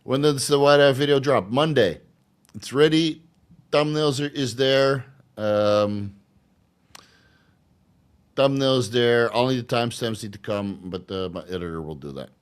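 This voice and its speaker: A man hosting a casual livestream Q&A, rambling and crude, laughing often and filling pauses with ums and uhs. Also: mid-range voice, clear, resonant tone. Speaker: channel host answering live chat questions.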